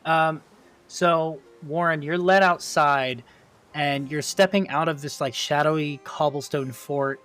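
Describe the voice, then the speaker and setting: Young guy running a tabletop game, higher voice, faint music under. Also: fairly even intonation, measured pace, a bit bright, clean tone. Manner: descriptive, laughs easily. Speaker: game master.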